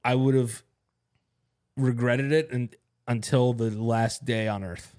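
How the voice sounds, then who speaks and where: A young man talks in a laid-back, easygoing way on a casual podcast. He fills his sentences with "like" and swears freely. His voice sits at a plain middle pitch. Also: steady tone, slow pace, darkish tone. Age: young adult. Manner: laid-back, lots of filler words, swears. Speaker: podcast co-host and new stand-up comedian. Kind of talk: casual chat.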